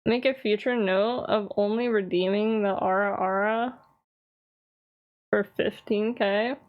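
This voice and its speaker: A woman's voice: mid-range voice, steady tone, unhurried, narrow, tinny audio. Chatty, teasing woman streamer. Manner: chatty and teasing, answers chat, laughs often. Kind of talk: casual live-stream chat.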